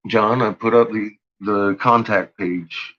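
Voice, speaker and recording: A man's voice: lowish voice, fairly even intonation, takes it slowly, fairly bright tone, dull audio. A man vlogging an angry rant to his viewers. He swears constantly and stumbles through restarts. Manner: agitated, profane, stumbling restarts.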